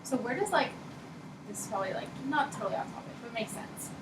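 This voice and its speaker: A woman's voice: a little high, big pitch swings, fast talker. A woman student asking a hesitant question in class, full of fillers. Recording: echoey classroom from far off, noisy.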